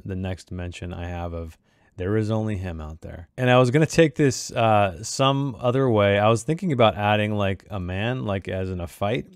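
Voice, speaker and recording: Low gravelly man musing on his writing. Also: no room sound, studio quality. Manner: reflective, thinking aloud with many restarts. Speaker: author discussing his own short story. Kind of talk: casual commentary on his writing.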